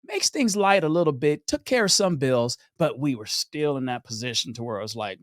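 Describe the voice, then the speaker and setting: A man's voice: mid-range voice, brisk, no room sound, clean studio sound. A man in his thirties, a podcast guest telling his story and acting out the people in it. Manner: animated, acts out the people in his stories. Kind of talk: storytelling in conversation.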